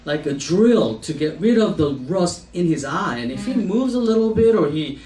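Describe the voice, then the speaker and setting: A man in his forties, an optometrist, shares a slow, chatty anecdote at a company event, frequently laughing and voicing the people in it. His fairly high voice has a sing-song lilt, with crowd noise around him, and the recording comes from far off in an echoey hall with faint noise.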